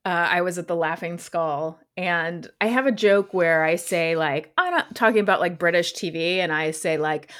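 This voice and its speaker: A woman's voice: lowish voice, normal speed, few pauses. A young adult woman, a podcast co-host and stand-up comic, telling stories in casual chat with frequent laughter and swearing. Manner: animated, laughs often, swears.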